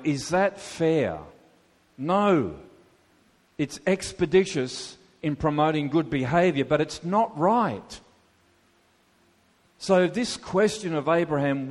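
Man, pastor, sermon, unhurried delivery, long reverb. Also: on the high side. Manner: conversational preaching with rhetorical questions.

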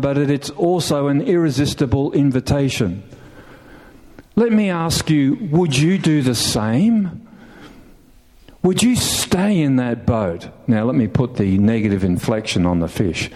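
A middle-aged man preaching a sermon, telling a story with animated emphasis, asking the listeners questions and laughing now and then. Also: medium pitch. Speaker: pastor.

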